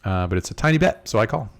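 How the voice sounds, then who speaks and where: A man hosting a casual poker live stream, chatting easily with viewers while talking through his hands. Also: fairly low pitch. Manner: laid-back, chatty, multitasking while reading chat. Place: in Las Vegas.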